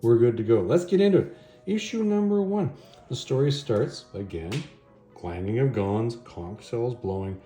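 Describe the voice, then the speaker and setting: A man hosting a casual comic book review video, retelling the story in a chatty, animated way. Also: mid-range voice, moderate pace. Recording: roomy echo, faint music.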